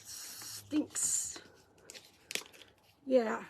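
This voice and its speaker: A woman's voice: very slow, warm tone, slight background noise. A middle-aged woman hosting a craft livestream, chatting casually with viewers and greeting them by name. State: out of breath. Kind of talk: casual live chat with viewers.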